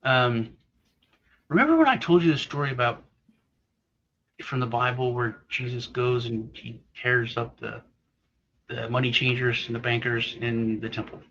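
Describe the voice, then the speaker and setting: A man's voice: mid-range voice, moderate pace, pauses often, fairly bright tone, slight background noise. Guy co-hosting a chat show, rambly storyteller, kinda muffled audio. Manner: rambling storyteller, acts out quoted voices. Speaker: co-host. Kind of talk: casual chat. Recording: slightly dull lo-fi audio.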